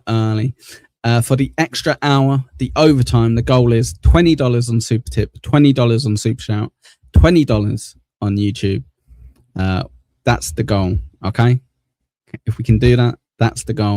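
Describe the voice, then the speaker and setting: Male stream host, relaxed and jokey, reads chat aloud; dead-dry close sound, mid-range voice. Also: medium pitch, no room sound. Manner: chatty, laughing, thanking viewers by name. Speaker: livestream host. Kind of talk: casual livestream chat reading comments.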